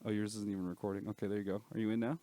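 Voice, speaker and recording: A man's voice: fairly low pitch, level tone, racing, dark tone, no echo. A man hosting a casual podcast, talking in a laid-back, rambling way and swearing casually. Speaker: podcast host.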